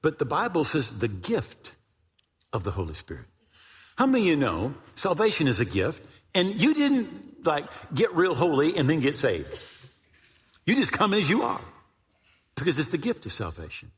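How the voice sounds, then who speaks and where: An older man delivers a sermon, telling a story with lively swings of pitch and sudden shouted peaks. His voice is a little husky and sits on the high side for a man. A long hall reverb trails each phrase. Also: moderate pace, pauses often. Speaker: pastor.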